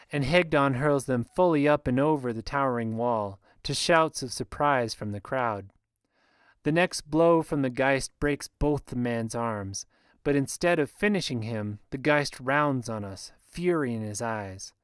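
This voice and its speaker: A man narrating a first-person fantasy audiobook in a steady, measured reading, recorded close on a studio mic. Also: mid-range voice, clean tone, dry recording.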